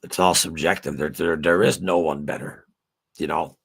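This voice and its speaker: Middle-aged guy rambling on his livestream, low husky voice, swears a lot. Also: steady tone, normal speed, a bit bright. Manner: rambling, many fillers, swears freely. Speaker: livestream host. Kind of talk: casual livestream chat with viewers.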